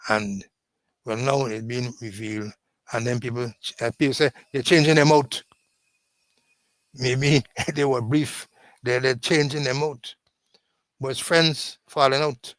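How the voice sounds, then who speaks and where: Slow, halting male co-host. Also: mid-range voice, fairly even intonation, fairly bright tone, no room sound, rough recording. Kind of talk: political commentary.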